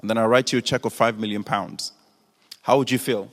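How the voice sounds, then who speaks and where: A man's voice: lowish voice, steady tone, fairly quick. A man teaching an audience, asking them questions as he explains. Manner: engaging, asks the audience questions. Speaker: Islamic teacher. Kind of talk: lecture to an audience. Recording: long hall reverb.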